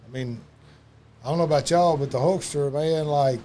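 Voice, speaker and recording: A man with a drawl tells wrestling stories in a loose, rambling way, swearing freely and piling up fillers. His voice sits a touch high for a man. A faint hiss runs under the recording. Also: moderate pace, dark tone. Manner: loose, profane storytelling with lots of fillers. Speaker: wrestling podcast guest. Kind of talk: casual storytelling chat.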